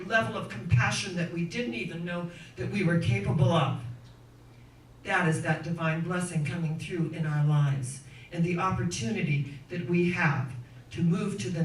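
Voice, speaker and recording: Woman minister preaching in an echoey hall. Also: on the low side. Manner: earnest storytelling with rhythmic spiritual lists. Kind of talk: sermon. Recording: echoey room, distant mic, faint noise.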